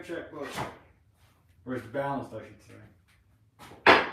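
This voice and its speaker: A man's voice: mid-range voice, normal speed, pauses often, very noisy. A man hosting a casual live stream from his private workshop, rambling and venting his frustrations with plenty of swearing while he works. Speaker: webcam channel host. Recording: echoey room, mic far off.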